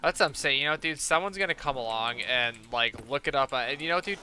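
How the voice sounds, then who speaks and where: A man's voice: medium pitch, lively intonation, fast talker, bright, forceful tone, a little hiss or hum. A man chatting casually while playing a game, ranting and swearing as he retells an argument. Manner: profane, ranting, quoting others in a mocking tone. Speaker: gaming streamer. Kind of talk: casual gameplay chat.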